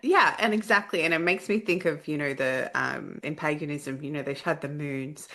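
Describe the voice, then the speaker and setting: A woman hosts a relaxed interview podcast, her voice sitting a little low. She talks in a loose, chatty way and fills her stories with "like" and "you know.". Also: moderate pace. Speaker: podcast host. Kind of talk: casual interview chat.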